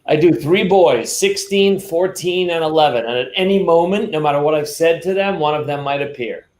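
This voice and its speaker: A man's voice: a little high, moderate pace. A man answering as an interview guest from his home office, friendly and wry. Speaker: guest, restaurateur. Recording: roomy echo.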